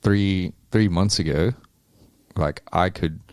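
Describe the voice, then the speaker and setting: A man's voice: low-pitched, takes it slowly, a little mellow, clean tone, dry recording. A man chatting casually as an interview guest, laid-back and rambling, with frequent ums and swearing. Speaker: amateur boxer, interview guest. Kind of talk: casual chat.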